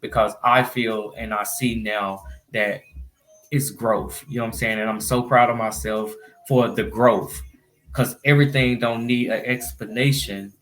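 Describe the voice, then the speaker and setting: A young man vlogs to his viewers about something that happened to him recently, speaking loosely and casually and often tossing in "you know what I'm saying." His voice sits on the low side with fairly even intonation, a measured pace, and a fairly bright tone.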